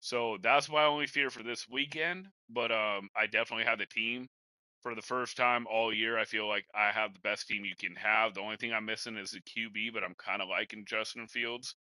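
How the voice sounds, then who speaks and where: The Madden-playing podcast host talks fairly quickly in a fairly low, rather even voice that sounds pushed and bright. He has the hiccups and keeps the chat laid-back and wandering, calling his cohost "bro" and "man"; the low-quality recording has no echo.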